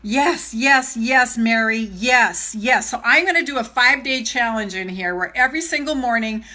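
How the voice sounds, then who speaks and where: An older woman coaching on self-love in a live vlog, emotional and animated, repeating her phrases, her voice trembling. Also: fairly high pitch, moderate pace. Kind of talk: live-stream vlog talk.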